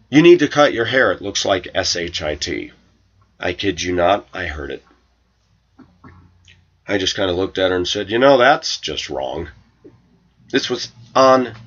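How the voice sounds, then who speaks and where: A man's voice: lowish voice, pushed and bright, dull audio. Indignant man telling a grievance story. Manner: aggrieved, indignant, quotes others in raised voice. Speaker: vlogger. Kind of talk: personal storytelling rant to camera.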